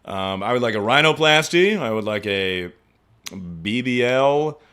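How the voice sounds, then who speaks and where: A young man streaming, chatting casually and profanely about his injury, mocking himself with sudden loud outbursts. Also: medium pitch, expressive, a little slow, clear, resonant tone. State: injured, in pain. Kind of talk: casual livestream chat.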